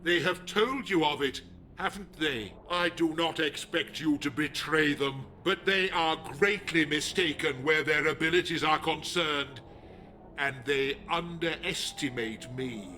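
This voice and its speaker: A man voicing a megalomaniac male leader of a druid order in a video game, talking in a slow, menacing, pompous way. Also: on the high side, bright, forceful tone, a little hiss or hum. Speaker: game villain.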